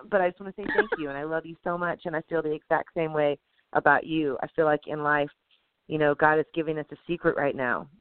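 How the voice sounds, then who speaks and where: A woman co-hosting a casual faith podcast, exhorting listeners in a lively, preachy way. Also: low-pitched, fast talker, clear, resonant tone, no room sound, narrow, tinny audio. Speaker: co-host.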